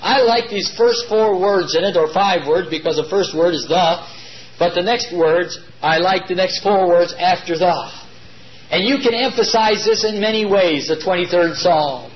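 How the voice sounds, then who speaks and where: A man preaching a sermon to his congregation, emphatic and drawing key words out slowly. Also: high voice. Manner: addresses congregation as "beloved". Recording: dull lo-fi recording.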